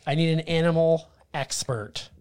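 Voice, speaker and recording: A man's voice: a little high, moderate pace, a little mellow, clear, resonant tone. Joking podcast co-host, man with a slightly raised voice, crude banter. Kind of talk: casual movie commentary chat.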